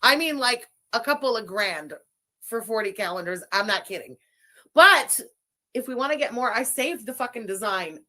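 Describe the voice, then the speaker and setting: A woman in a played clip, gushing and rambling excitedly and swearing as she talks. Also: on the high side, moderate pace.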